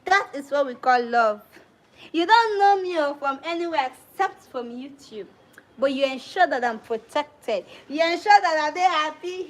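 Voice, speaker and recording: A woman's voice: sits high, animated, normal speed, fairly bright tone, rough recording. A young woman from Sierra Leone with a Krio-tinged English accent, hosting a casual livestream and talking straight to her viewers, slipping into Krio phrases now and then. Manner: chatty, addresses viewers directly, drops into Krio phrases. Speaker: livestream host.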